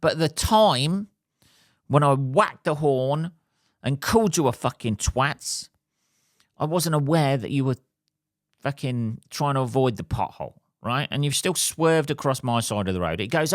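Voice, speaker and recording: A middle-aged man hosting a podcast, telling a story as an animated, sweary rant. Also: medium pitch, measured pace, long pauses, no echo, studio quality. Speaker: podcast host. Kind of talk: casual monologue.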